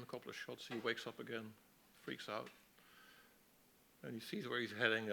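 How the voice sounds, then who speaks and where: A man teaching a masterclass on storyboarding, explaining in a relaxed way with frequent restarts. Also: mid-range voice, normal speed, vocal fry, a little hiss or hum. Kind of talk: lecture on storyboarding.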